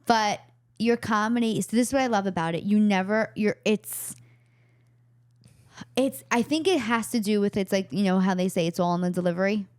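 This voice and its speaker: A woman's voice: medium pitch, moderate pace, a little mellow, clean tone, no room sound, clean studio sound. A woman with a Bronx New York accent hosting a casual chat and talking enthusiastically. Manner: enthusiastic, gushing. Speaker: podcast host.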